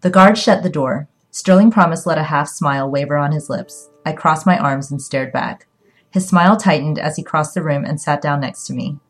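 Give me a woman with a low voice narrating a first-person novel, steady and even. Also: moderate pace, faint music behind. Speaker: audiobook narrator. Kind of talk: scripted narration.

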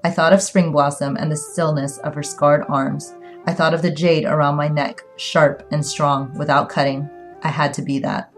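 Low-voiced woman reading a story. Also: level tone, moderate pace, faint music behind. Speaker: audiobook narrator. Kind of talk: first-person story narration.

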